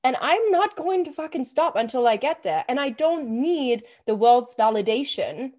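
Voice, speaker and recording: Fired-up higher-voiced woman on a podcast. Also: normal speed. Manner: energetic, frequent swearing and "like" fillers. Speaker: podcast co-host and business coach. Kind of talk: casual podcast chat.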